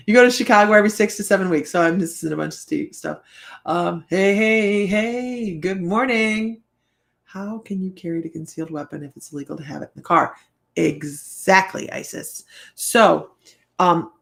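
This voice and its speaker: Fairly low in pitch and creaky, this woman's voice belongs to a show host doing psychic readings on a casual live stream. She tells wandering, chatty stories with plenty of fillers and frequent laughter.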